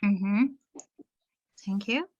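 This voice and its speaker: A woman's voice: mid-range voice, drawn-out words, highs cut off. A woman teacher trainer giving an online webinar lecture, explaining step by step and addressing her listeners as dear teachers. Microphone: video call.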